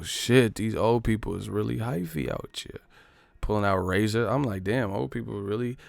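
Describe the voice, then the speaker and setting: A man's voice: lowish voice, creaky, dry recording. A man telling a profane, rambling comic story in casual slang. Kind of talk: casual comedic storytelling monologue.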